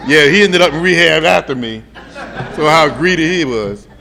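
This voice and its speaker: A middle-aged man shares his recovery story with an audience, talking directly to the crowd in a conversational, humorous way. His voice is fairly high, expressive, creaky and bright, with a forceful tone at a normal speed. The recording has a long hall reverb and faint ambient noise.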